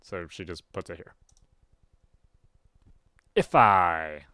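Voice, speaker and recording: A man with a fairly low voice reads a webcomic aloud and comments as he goes. His delivery swings widely in pitch, jumping into loud exclamations. The recording is dry and close, with no room sound. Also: slow pace, clear, resonant tone, no room sound. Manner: reads narration evenly, with sudden loud animated outbursts. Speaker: webcomic reader. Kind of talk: casual read-aloud with commentary.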